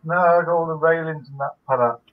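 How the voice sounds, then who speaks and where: A man talking haltingly, with many fillers, as a guest on a live stream over a video call. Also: on the high side. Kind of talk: casual chat. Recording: tinny call audio, distant from mic.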